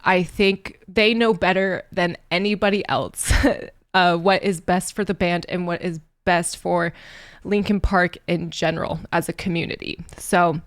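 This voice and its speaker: A woman's voice: lowish voice, fairly even intonation, measured pace, no room sound, studio quality. A woman hosting a music reaction video, talking in an earnest, rambling, emotional way. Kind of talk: casual reaction commentary.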